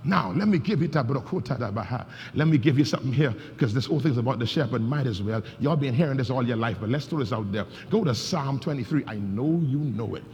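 A man's voice: medium pitch, animated, fast talker, few pauses, a little mellow, lo-fi sound. A male pastor preaching a sermon, leading his congregation in call-and-response. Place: church sanctuary. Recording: long reverb in a church hall, faint background noise.

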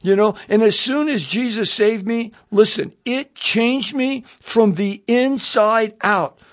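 A man giving a radio sermon as a personal testimony, telling his story in a lively way, acting out his own thoughts, and putting questions straight to the listener. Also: high voice, slow, no echo, studio quality. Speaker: preacher.

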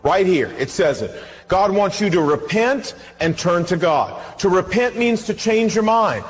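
A man preaching a sermon, telling a story and acting out both sides of the dialogue in an animated way. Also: sits high, measured pace, big-room sound. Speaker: pastor.

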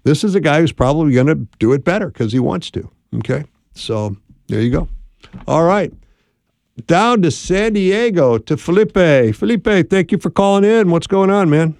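A man's voice: a little high, expressive, moderate pace, darkish tone, dry recording, studio quality. A man hosting a call-in advice radio show, upbeat and encouraging, speaking plainly to callers.

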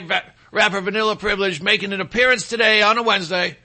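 High, sharp-voiced sarcastic talk host. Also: male voice, fast, hardly any pauses. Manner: sarcastic, mocks people in put-on quoted voices. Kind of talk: opinionated talk radio monologue.

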